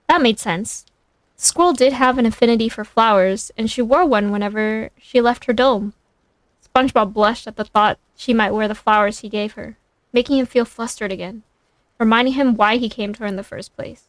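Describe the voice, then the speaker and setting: A woman's voice: on the high side, dry recording. A woman streamer casually reading fan fiction aloud, sometimes correcting herself as she goes. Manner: reads aloud with quick self-corrections.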